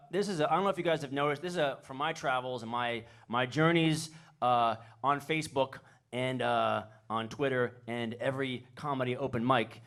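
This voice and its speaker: A man doing a stand-up comedy set on a club stage, rambling and self-deprecating, now and then shouting in goofy character voices. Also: fairly high pitch.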